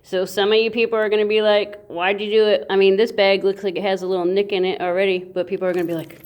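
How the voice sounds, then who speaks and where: A woman hosting a casual unboxing video, playful and goofy, with sound effects and drawn-out, excited remarks. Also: mid-range voice, clean tone. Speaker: coin channel host.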